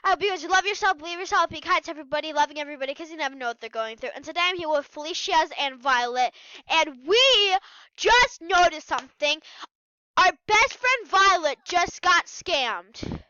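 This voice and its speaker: A woman's voice: extremely high pitch, animated, brisk, bright, forceful tone, dry recording. A young female vlogger talking in an upset, rambling way with many fillers, on a dull lo-fi recording. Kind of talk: emotional gaming vlog.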